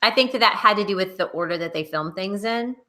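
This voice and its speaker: A woman in her thirties co-hosts a relaxed podcast conversation. Her voice is bright and forward. She tells stories animatedly, with plenty of energy. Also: fast. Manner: animated storyteller, acts out quotes in a high wail. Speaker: podcast co-host. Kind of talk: casual chat.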